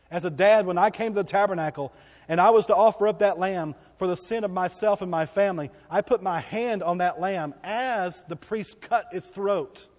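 Emphatic preaching man in a reverberant hall. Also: high-pitched. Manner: emphatic preaching that swings between loud declarations and hushed passages. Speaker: pastor. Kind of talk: sermon.

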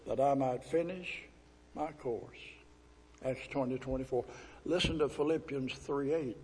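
A man preaching a sermon as pastor, pleading and emphatic, drawing out scripture verses slowly. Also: medium pitch, breathy edge. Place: church sanctuary. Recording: echoey hall with long reverb.

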